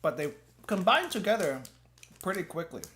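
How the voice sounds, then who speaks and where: A man's voice: high-pitched, sing-song, normal speed, fairly bright tone, a little hiss or hum. Rambling man chewing snacks. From United States. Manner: rambling and self-correcting, often restarts phrases; talks while chewing. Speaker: VTuber streamer. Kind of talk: casual snack-tasting chat.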